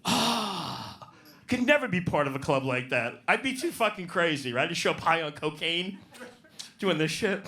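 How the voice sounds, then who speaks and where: Brash comic guy on a club stage, high voice that swoops all over, swearing nonstop. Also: expressive, moderate pace, sharp tone. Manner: profane, brash, riffs on audience. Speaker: stand-up comedian. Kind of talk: stand-up set, crowd work.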